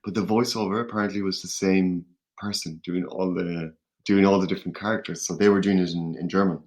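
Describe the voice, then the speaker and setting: A man from Ireland, a podcast guest in casual chat, talking in a measured, hesitant way. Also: deep voice, fairly even intonation, a little mellow.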